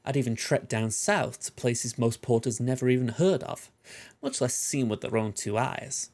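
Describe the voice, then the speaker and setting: A man's voice: mid-range voice, moderate pace, darkish tone, lightly acted. A man voicing a proud, independent veteran male delivery porter in a put-on, folksy accent, reading game dialogue. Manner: folksy, plain-spoken drawl.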